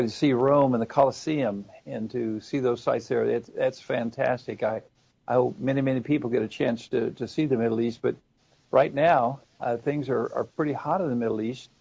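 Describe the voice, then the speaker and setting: A man speaking as a guest on a broadcast discussion, halting and full of fillers and restarts, with a gravelly, husky voice. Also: mid-range voice, fairly even intonation, mellow. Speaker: guest commentator. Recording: slightly dull, lo-fi sound.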